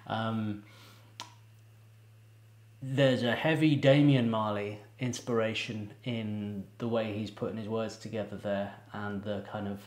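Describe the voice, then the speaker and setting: A man's voice: on the low side, fairly even intonation, a little mellow, reverberant. A man hosting a music reaction video, talking casually with frequent laughs, ums and restarts. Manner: chatty, laughs often, halting with ums and restarts.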